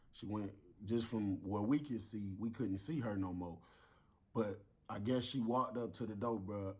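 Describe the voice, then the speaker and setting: Husky-voiced man telling a story. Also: on the low side, darkish tone. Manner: acts out voices and sounds. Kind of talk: animated storytelling.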